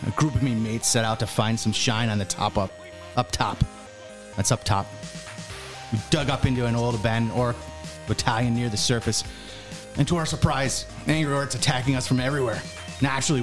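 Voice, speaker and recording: Gruff Irish dwarf warrior, man performing, tabletop podcast, music bed. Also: mid-range voice, natural voice. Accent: Irish, put on. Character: gruff battle-worn male dwarf warrior. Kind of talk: tabletop game character monologue.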